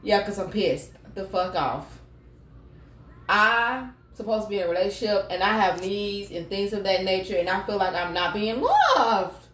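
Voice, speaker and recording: This woman's mid-range voice is animated and a bit bright, moving at a measured pace. She's doing a casual tarot reading on camera at home, talkative, blunt, and freely profane, in an echoey room with a far-off mic.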